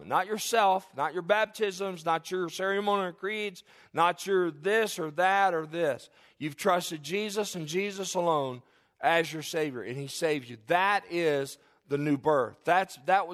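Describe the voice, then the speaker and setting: Male pastor, middle-aged, high voice, earnest preaching, folksy asides, restarts often. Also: a bit bright. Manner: folksy, joking asides to the congregation. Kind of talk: sermon.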